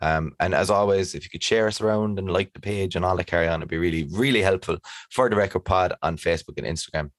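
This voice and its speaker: A man's voice: low voice, fast, hardly any pauses, no room sound, studio quality. A young man co-hosting a podcast in a laid-back, easygoing chat. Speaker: podcast co-host. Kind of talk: casual chat.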